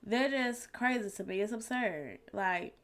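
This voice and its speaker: A woman's voice: medium pitch, a little slow, a bit bright. A woman streamer giving casual, blunt and exasperated commentary in colloquial speech. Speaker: reaction streamer.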